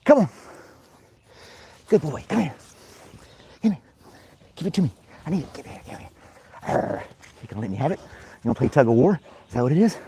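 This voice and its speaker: A man who vlogs and hosts a podcast plays with his dog outdoors in a backyard, tossing out playful commands and frequent chuckles as he chats. His voice is a little high and a little mellow, with some hiss or hum in the recording.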